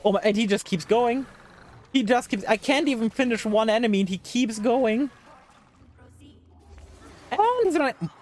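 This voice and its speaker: A woman's voice: on the high side, normal speed, a little mellow. A woman streaming live gameplay, talking to the game's characters in exasperation and swearing freely. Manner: exasperated, talks to the game characters.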